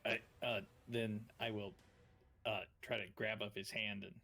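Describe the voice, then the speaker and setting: Gravelly dude playing dnd, bright voice, rambly and goofy. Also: male voice, fairly low pitch, level tone. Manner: rambling, playful, slips into quick in-character lines. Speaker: player. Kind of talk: casual tabletop game play.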